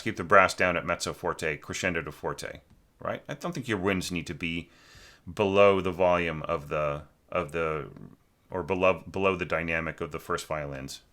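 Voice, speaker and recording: A man's voice: sits low, pushed and bright. A man teaching orchestration, talking through a student's score in a loose, chatty way, with many fillers and snatches of sung phrases. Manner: chatty, full of fillers, sings phrases to illustrate. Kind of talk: informal spoken critique of a score.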